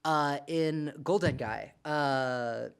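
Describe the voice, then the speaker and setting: A man's voice: on the high side, extremely slow, creaky, smooth. A man co-hosting a casual podcast, telling a story in a rambling way with lots of fillers and frequent laughs. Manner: rambling, many fillers and restarts, laughs often. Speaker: podcast co-host.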